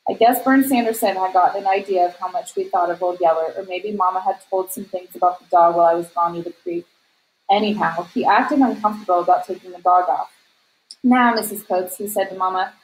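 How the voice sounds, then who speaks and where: A woman's voice: lowish voice, darkish tone, poor audio. Woman reading a novel aloud. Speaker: reader.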